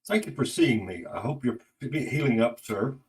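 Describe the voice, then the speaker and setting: A man voicing a formal, courteous gentleman of about forty who apologizes for imposing, in a spoken story. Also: mid-range voice, animated, moderate pace, breathy edge, poor audio.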